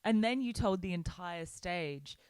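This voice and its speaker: A woman's voice: on the low side, animated, unhurried, darkish tone, smooth, no room sound. A young woman co-hosting a casual podcast, telling stories in a bubbly way with plenty of likes and ums, talking from a small hotel room. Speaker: podcast co-host. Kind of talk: casual chat.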